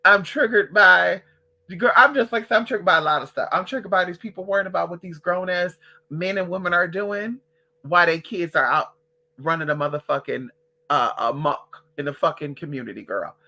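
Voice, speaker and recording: Sassy, profane vlogger with a bright voice. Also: medium pitch, brisk. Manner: sassy, profane, calls listeners girl and honey; emphatic, repeats phrases. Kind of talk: casual rant to camera.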